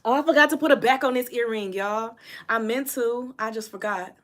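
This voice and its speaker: On a casual phone livestream, a young woman with a fairly high voice talks a little fast, reading viewer comments aloud and replying to them. She's chatty and laughs frequently.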